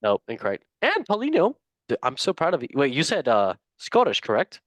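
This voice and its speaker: A man's voice: a little high, wildly swooping pitch, fairly quick, dry recording. A man hosting a football quiz on a casual podcast, playful and jokey, swearing and laughing often. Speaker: quiz host.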